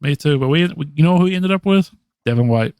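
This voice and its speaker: A man's voice: fairly high pitch, animated, fast talker, darkish tone, smooth, dry recording, clean studio sound. A man co-hosting a podcast, talking through draft picks in casual chat, thinking aloud with many ums and restarts. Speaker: podcast co-host.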